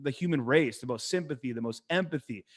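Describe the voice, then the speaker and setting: A man, a dating coach, talking casually on a podcast, an animated and profane storyteller who acts out quotes in a hushed voice. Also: medium pitch, quick pace. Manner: profane, emphatic.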